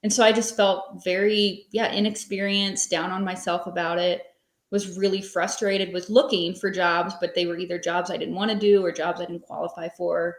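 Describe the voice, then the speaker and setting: A woman's voice: on the low side, flat delivery, normal speed. A woman in her thirties, a podcast guest, telling her story in a rambling, conversational way full of fillers. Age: 30s. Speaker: podcast guest, small business owner. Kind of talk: casual interview storytelling. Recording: echoey room.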